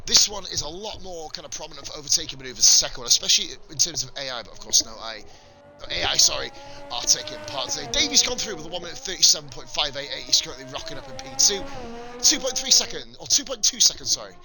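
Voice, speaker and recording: A man's voice: fairly high pitch, big pitch swings, quick pace. A man giving casual live commentary on a sim racing league stream, swearing and chatting with viewers between calls of the action. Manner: casual, sweary, rambling banter with chat. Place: home streaming setup.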